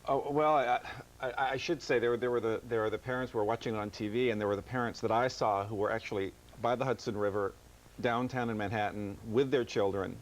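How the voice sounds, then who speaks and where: A man's voice: mid-range voice, fairly even intonation, rough recording. A man guesting on a TV news interview as an author, speaking earnestly with frequent stammered restarts. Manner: earnest, halting, many restarts.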